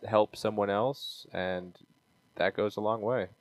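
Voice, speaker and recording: A man's voice: on the low side, steady tone, a little slow. A man co-hosting a casual podcast as a martial arts instructor, speaking in a laid-back way and often answering with short replies.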